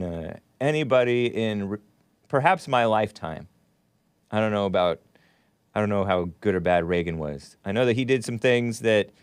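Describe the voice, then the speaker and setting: A man's voice: on the low side, smooth, dry recording. A man hosting a solo commentary show, rambling and opinionated as he reads out articles and viewer comments. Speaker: host.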